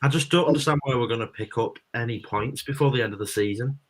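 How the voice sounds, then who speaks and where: A man with a mid-range voice talks at a quick pace while co-hosting a live football watchalong. Gloomy and blunt, he's openly pessimistic about his team's chances in the casual chat.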